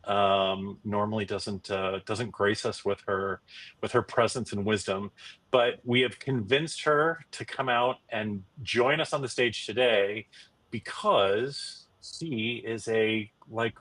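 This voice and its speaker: A man's voice: lowish voice, slow pace, a bit bright. A middle-aged man hosting a casual live stream, talking loosely with many fillers and restarts. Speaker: host.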